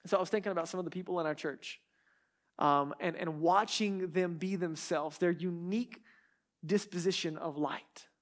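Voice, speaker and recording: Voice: mid-range voice, moderate pace. A pastor preaching a sermon in a conversational way, with restarts and asides, who repeats key words for emphasis.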